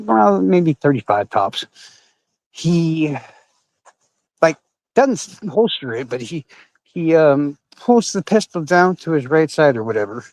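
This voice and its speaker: A man telling a personal story casually, animated and full of swearing and fillers. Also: fairly high pitch, no echo, rough recording. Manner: profane, animated, with frequent fillers. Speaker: podcast storyteller.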